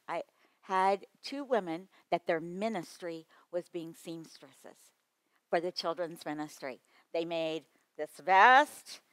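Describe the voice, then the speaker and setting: A woman leading a conference workshop on children's ministry, playful and lively as she talks straight to the room. Her voice is bright and forceful, and the recording is dry and close. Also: fairly low pitch, clean tone, no room sound. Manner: lively, playful, addresses the audience directly.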